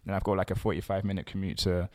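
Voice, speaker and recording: Chatty low-voiced man. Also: very fast. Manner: relaxed, chatty, with many fillers and repeats. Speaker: podcast co-host. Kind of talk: casual chat.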